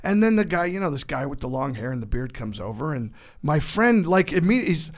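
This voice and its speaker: An actor being interviewed tells joking anecdotes in a casual, animated manner, often cutting himself off mid-sentence. His voice is fairly high in pitch and he talks fairly quickly.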